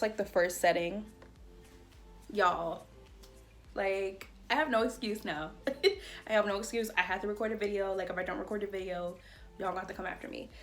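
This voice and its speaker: Chatty young woman unboxing gear at home. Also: lowish voice. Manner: chatty, excitable, says "like" and "y'all" a lot. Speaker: beauty vlogger. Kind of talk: casual unboxing vlog. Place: bedroom at home. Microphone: phone or camera on a tripod.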